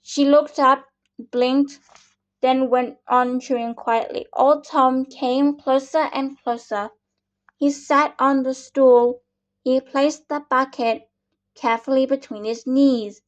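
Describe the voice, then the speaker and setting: A woman reading a children's picture book aloud, slowly and patiently, with small slips and restarts. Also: sits high, steady tone. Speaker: storyteller. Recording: dull lo-fi recording.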